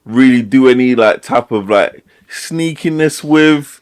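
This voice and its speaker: A man's voice: mid-range voice, a little slow, smooth. A man co-hosting a casual podcast, rambling and restarting his thoughts often. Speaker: podcast co-host. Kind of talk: casual chat.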